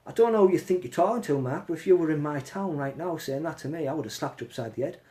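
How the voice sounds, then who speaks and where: A man's voice: on the high side, animated, fast talker, warm tone. Blunt, sweary man on a phone live stream. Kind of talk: casual live stream rant.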